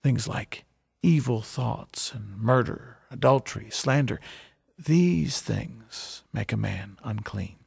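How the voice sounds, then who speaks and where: A gentle, wise teacher, voiced by a man, speaks slowly in a hushed, measured tone. His voice drops lower than the storyteller's and stays gravelly and husky. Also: no echo, studio quality, exaggerated voice. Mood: calm teaching.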